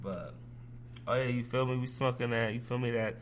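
A man's voice: mid-range voice, steady tone, moderate pace. A man from Ohio joking around as a podcast co-host in casual, teasing banter.

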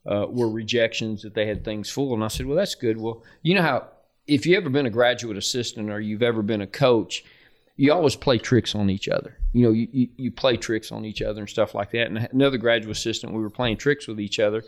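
A middle-aged man, a football coach, telling anecdotes in a podcast interview, folksy and animated, laughing as he goes and acting out the dialogue. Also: on the low side, brisk. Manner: acts out dialogue in his stories.

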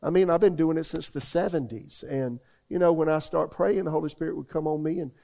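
Older man preaching with a gravelly voice. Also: a little high, brisk, mellow. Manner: folksy, rambling, asks the congregation questions. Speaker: pastor. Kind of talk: conversational sermon. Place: church.

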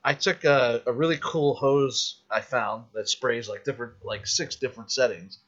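A man's voice: medium pitch, steady tone, normal speed, fairly bright tone. A man hosting a podcast, telling stories in a casual chat, acting out the voices and swearing freely. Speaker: podcast host. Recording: dull lo-fi podcast audio.

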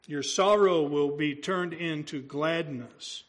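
A man's voice: high voice, moderate pace, a bit bright. A male pastor preaching a sermon, talking through the story in a conversational way and asking his congregation rhetorical questions.

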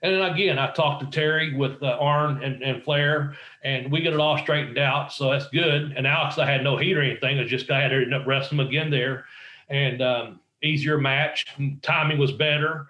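A man's voice: medium pitch, fairly even intonation, moderate pace, bright, forceful tone, roomy sound, dull audio. A man, a former pro wrestler, telling rambling, profane anecdotes in a casual interview and acting out quotes.

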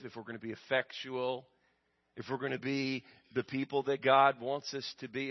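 A man preaching a sermon to his congregation, asking them questions and waiting for answers, his volume rising and dropping. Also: medium pitch. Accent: American. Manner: call-and-response with congregation, swings loud and soft. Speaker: pastor. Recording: dull lo-fi recording.

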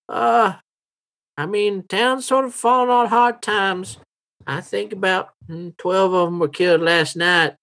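Man playing a rambling old huckster, higher voice, animated, folksy hems and haws. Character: shifty old male con-man merchant.

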